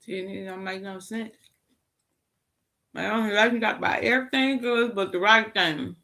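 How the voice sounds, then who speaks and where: A woman speaks straight to camera in an impassioned rant, her tone bright and cutting. She sounds worn out and fed up, and she keeps restarting and repeating phrases as she presses her point. Her voice sits at an everyday middle pitch. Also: unhurried. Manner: heated, exasperated, repeats herself. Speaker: vlogger.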